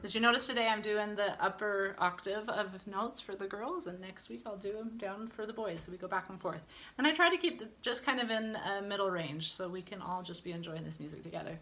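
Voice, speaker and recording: A woman's voice: medium pitch, a little fast, bright, forceful tone, faint music behind. A woman singing teacher leading an online lesson, encouraging students and demonstrating vocal exercises.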